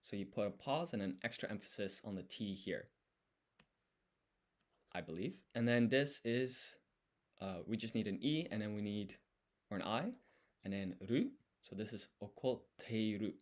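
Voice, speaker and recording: A man's voice: fairly low pitch, expressive, moderate pace, darkish tone. A man streaming his language study, talking himself through each step as he writes. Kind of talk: thinking aloud while writing.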